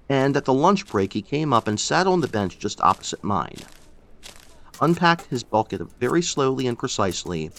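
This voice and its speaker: Low, gravelly male storyteller. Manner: measured, expressive storytelling. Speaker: audiobook narrator. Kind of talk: first-person story narration.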